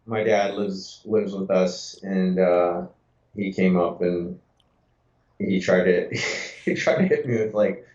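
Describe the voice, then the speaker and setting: A man co-hosting a casual fantasy football podcast, talking in a relaxed, conversational way. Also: low voice, slow. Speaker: podcast co-host. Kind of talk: casual sports chat. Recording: echoey, dull lo-fi sound.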